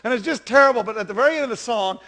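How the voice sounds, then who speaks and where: A man's voice: very high voice, racing, sharp tone. A man in his fifties preaching a sermon in a chatty, self-deprecating way, telling stories with animation. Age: 50s.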